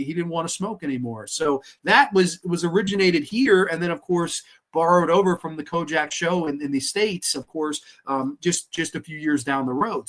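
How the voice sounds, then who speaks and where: A man's voice: on the high side, fairly bright tone. A man hosting a horror film podcast in an enthusiastic, profane, casual way, with lots of fillers and restarts. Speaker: podcast host, film reviewer.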